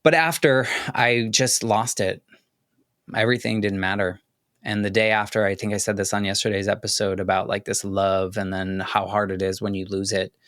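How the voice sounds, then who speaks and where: A man hosting a podcast, speaking candidly and haltingly about a painful loss, choking up at times. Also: low-pitched, completely flat delivery, fairly bright tone, dry recording, clean studio sound. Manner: candid, halting, with many restarts and "like" fillers. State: choking up with emotion. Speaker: podcast host. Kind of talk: personal reflective monologue.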